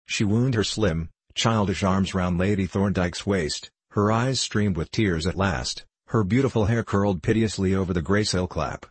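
A man narrates a novel with measured, even storytelling. His voice sits very low with a husky edge. The sound is dry and close. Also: no echo. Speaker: audiobook narrator. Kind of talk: scripted narration.

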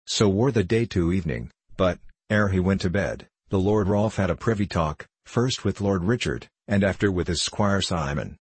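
Low, husky male storyteller. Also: animated, no echo. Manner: measured, formal storytelling. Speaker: audiobook narrator. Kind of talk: scripted narration of an archaic tale.

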